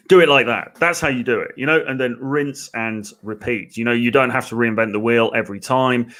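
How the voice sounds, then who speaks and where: A man's voice: mid-range voice, fairly quick, fairly bright tone. An English man giving dating advice in a casual, chatty live stream, with lots of fillers. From England. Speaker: dating coach. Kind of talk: live-stream coaching talk.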